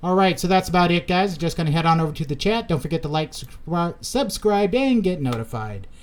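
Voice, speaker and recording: A man's voice: on the high side, expressive, brisk. A man giving casual, rambling commentary on a crypto chart as he draws lines, correcting himself and talking straight to his viewers, with pumped-up bursts when he greets them. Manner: rambling, self-correcting, chatty asides to viewers.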